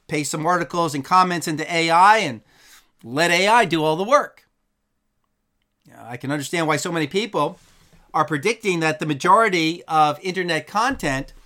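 A man's voice: fairly high pitch, sharp tone. A man hosting his own channel, reflecting earnestly on a topic in a plain, unscripted way with some fillers and restarts. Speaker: YouTube channel host and Bible teacher. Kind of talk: casual commentary to camera.

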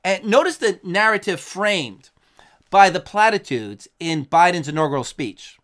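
A man with a fairly high voice preaches in earnest, pressing his points home. He reads out verses and quotes in a steady, emphatic delivery. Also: unhurried. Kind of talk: sermon with scripture and news quotes.

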